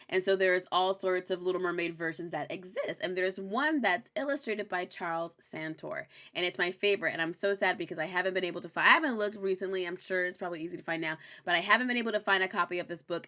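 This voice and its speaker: A young woman hosting a recap show, chatting casually and candidly, animated and swearing freely. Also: lowish voice, fast talker, few pauses. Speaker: host recapping a TV episode. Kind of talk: casual chat.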